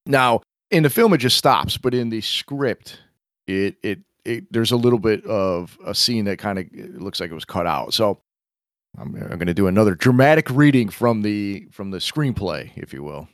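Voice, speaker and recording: This lowish, animated man talks at a normal pace, and the clean studio recording has no echo. As a film podcast co-host, he keeps the chat casual, laughing a lot and making self-deprecating jokes while reading lines from a script.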